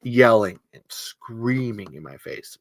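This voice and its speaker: Trans livestream host, medium pitch, close dry mic, halting and candid, heartfelt. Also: animated, dry recording. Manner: halting, personal, emotional. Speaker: podcast host reading live chat comments. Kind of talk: casual livestream chat.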